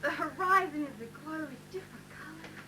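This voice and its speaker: A woman's voice: high-pitched, brisk, loud music behind the voice, lightly acted. A woman playing a gushing wife, delighted with her new island home, in an amateur stage sketch. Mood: rapturous. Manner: gushing, rapturous description. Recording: very noisy live recording.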